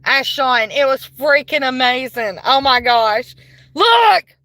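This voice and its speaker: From inside a car, a paranormal livestreamer conducts a ghost investigation on her phone, the recording low in quality. Bright and excited, she speaks high-pitched and unhurried, polite toward spirits but given to squealing outbursts.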